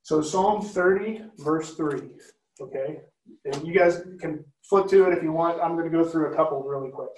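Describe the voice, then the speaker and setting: A man's voice: fairly high pitch, normal speed, a little mellow. A man leading a Bible study, teaching conversationally and often checking in with listeners by asking questions. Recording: roomy, from a distance.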